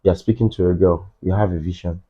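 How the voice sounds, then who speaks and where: A man's voice: low voice, fairly even intonation, fairly quick, dark tone, husky, dull audio. Nigerian guy, emphatic, switches into pidgin a lot, easygoing podcast chat.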